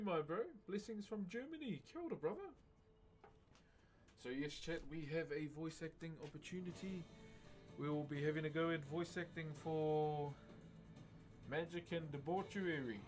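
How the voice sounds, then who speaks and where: A man chatting casually with his live-stream viewers while he carves, laid-back and chatty, peppering his talk with "eh?" and "bro". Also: a little high. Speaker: livestreamer. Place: home streaming setup while wood carving. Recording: music bed under voice. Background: music playing.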